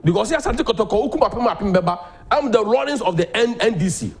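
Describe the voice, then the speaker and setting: Animated Ghanaian man, lively high voice. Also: quick pace. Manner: animated, mixing Twi and English. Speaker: host. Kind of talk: political talk-show commentary.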